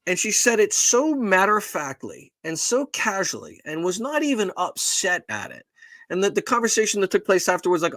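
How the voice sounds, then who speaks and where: A man's voice: sits high, sing-song, normal speed, fairly bright tone, no room sound. A middle-aged man co-hosting a podcast, telling a rambling, profane, self-deprecating story in casual chat. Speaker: podcast co-host.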